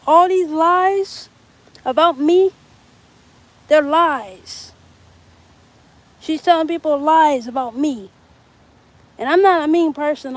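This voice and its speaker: A woman's voice: high-pitched, dry recording, poor audio. A young woman livestreaming outdoors, rambling casually and talking straight to her viewers. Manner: rambling, chatty, talks to viewers. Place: outdoors in bright sun.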